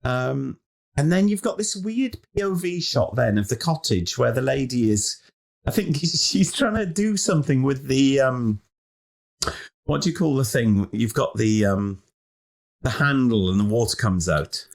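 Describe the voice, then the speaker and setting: In a gravelly, medium-pitched voice that runs a little slow, a podcast co-host jokes his way through a casual film review. He's chatty, retelling the movie's scenes with animation.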